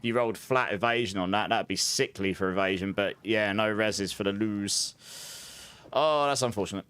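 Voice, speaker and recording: A man's voice: lowish voice, moderate pace, fairly bright tone, clear, resonant tone. A man giving casual, chatty gameplay commentary as a streamer, laughing often and humming little filler tunes. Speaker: game streamer.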